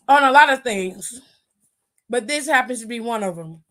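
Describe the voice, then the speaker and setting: A woman's voice: fairly high pitch, lively intonation, normal speed, fairly bright tone. A young woman hosting a casual wrestling aftershow stream, sassy and chatty, talking back to her chat and calling viewers pet names.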